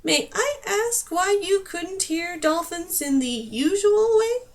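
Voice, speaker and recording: An excitable male mage in a fantasy audiobook, put on by a woman narrator, who scolds loudly and turns sarcastic when he calms down. The voice stays high and bright with exasperation. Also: a little slow.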